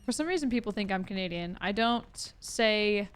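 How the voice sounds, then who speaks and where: A woman's voice: medium pitch, expressive, moderate pace, slight background noise. Chatty Californian Valley Girl streamer woman. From California, USA. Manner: chatty, uses "like" a lot with upward inflection and some vocal fry. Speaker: gaming streamer. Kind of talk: casual let's-play chat with viewers.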